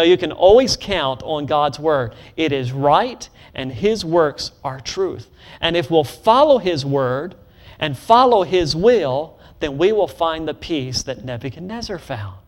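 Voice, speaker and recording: A man with a slightly high voice preaches a sermon in call-and-response style, having the congregation repeat phrases back to him. He rushes through quick asides and then slows down hard on emphatic declarations.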